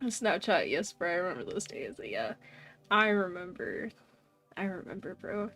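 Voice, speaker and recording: A woman's voice: lowish voice, very animated, moderate pace, fairly bright tone, faint music behind. A young woman streaming, chatting casually and animatedly with her viewers and often saying "bro". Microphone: desk mic.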